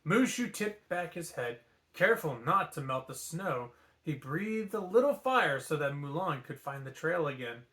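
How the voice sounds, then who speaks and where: Animated man reading a bedtime story. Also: on the high side, unhurried. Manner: playful and animated, with asides. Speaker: storybook reader. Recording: echoey room.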